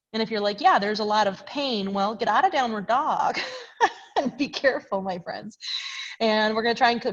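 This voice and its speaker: Through a video call mic with dull audio, a yoga instructor with a slightly high voice guides her class. She talks chattily, corrects herself as she goes, and is a bit winded from doing the poses with everyone.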